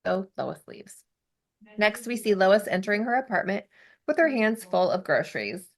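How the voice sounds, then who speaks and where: A woman's voice: medium pitch, big pitch swings, normal speed. A young adult woman hosting a podcast, recapping a TV episode in casual chat with giggly asides. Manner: chatty, giggly, narrates plot with asides.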